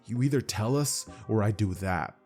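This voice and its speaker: A ruthless martial artist speaks in a low, clipped, menacing monotone, as a man puts him on. He sounds cold and blunt, a harsh teacher with no patience. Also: normal speed, faint music behind, natural voice.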